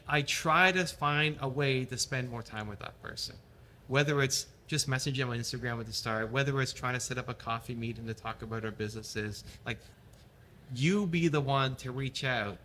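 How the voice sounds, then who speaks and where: A man's voice: mid-range voice, pushed and bright, a little hiss or hum. A man giving upbeat motivational advice as a guest in an interview. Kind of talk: casual interview chat.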